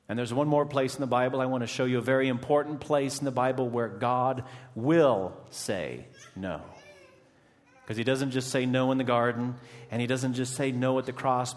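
A male preacher delivering an unhurried, dramatic sermon. He lets his voice fall almost to a murmur before climbing back into fervent emphasis. The sound rings with the long reverb of a large church sanctuary. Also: medium pitch. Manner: dramatic, swings from hushed to impassioned.

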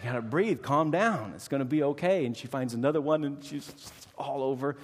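A male pastor tells a lively personal anecdote and then turns it toward scripture in a steady preaching cadence. His voice sits at an ordinary middle pitch. The room gives it a long, church-like reverb. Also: a little fast. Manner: animated storytelling, acts out voices, preachy cadence. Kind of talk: sermon with personal story.

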